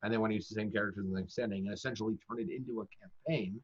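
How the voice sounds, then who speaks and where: A man's voice: lowish voice, fairly even intonation, very fast, breathy edge. A man who works as a professional dungeon master, giving casual, chatty, self-deprecating advice in conversation. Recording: dull lo-fi audio.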